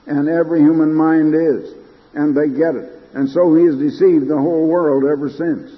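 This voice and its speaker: A man's voice: on the high side, moderate pace, long reverb tail, highs cut off. An older man preaching an emphatic broadcast sermon, his delivery rising to fervent peaks.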